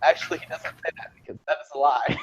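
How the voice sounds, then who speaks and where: Playful and often laughing between lines, a player voices his character in a casual tabletop role-play game. His voice sits a little high with a steady tone and a quick pace. The recording is dull and lo-fi, with a little hiss or hum.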